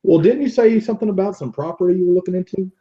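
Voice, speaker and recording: A man's voice: high-pitched, rapid-fire. A man teasing his friends and swearing in a casual chat, on a dull lo-fi recording. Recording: dull lo-fi sound.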